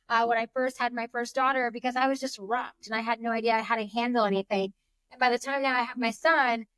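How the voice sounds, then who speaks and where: A woman's voice: on the high side, clean tone, no room sound. A woman in her thirties, a breathwork coach as a podcast guest, talking in a casual, chatty way full of "you know" and "like". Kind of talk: casual conversational interview.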